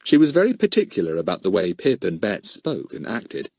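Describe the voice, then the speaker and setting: A man narrates a children's storybook in an expressive, storytelling manner. His pitch moves through a very wide range, and the sound is dry and close with no room. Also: fairly quick, no room sound. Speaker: audiobook narrator. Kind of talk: scripted narration.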